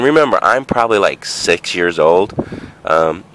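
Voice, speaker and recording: Rambling, profane man with a lively low voice. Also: moderate pace. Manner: rambling and profane, full of fillers and asides. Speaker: vlogger. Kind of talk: casual storytelling monologue.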